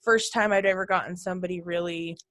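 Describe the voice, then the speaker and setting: A woman's voice: lowish voice, fairly even intonation, fast, fairly bright tone, dry recording. A woman guest on a podcast, telling her ghost hunting stories casually and acting out the voices in them.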